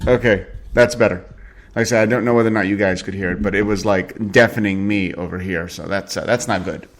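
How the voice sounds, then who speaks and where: A man's voice: on the low side, steady tone, brisk, slight background noise. A man hosting a casual web radio show, talking in a rambling, profane way with lots of fillers. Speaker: podcast host. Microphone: home podcast setup.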